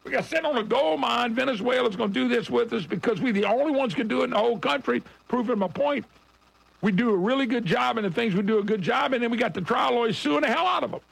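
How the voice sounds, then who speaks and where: A man's voice: very high-pitched, quick pace, vocal fry, husky, no echo, poor audio. A middle-aged man hosting a radio talk show, talking in a blunt, folksy and combative way and calling his listeners folks. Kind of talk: opinionated radio monologue.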